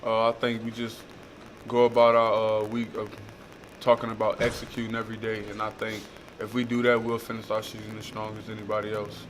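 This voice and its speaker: Young man, college athlete, monotone, fast, hesitant, light background noise. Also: fairly low pitch. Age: young adult. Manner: halting, many uh fillers, flat delivery. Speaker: college football player. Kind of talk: press conference answers.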